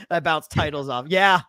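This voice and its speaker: A man's voice: fairly high pitch, takes it slowly, sharp tone, clean tone, no room sound, clean studio sound. A man, an author, chatting casually on a podcast, self-deprecating and laughing often. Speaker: author guest.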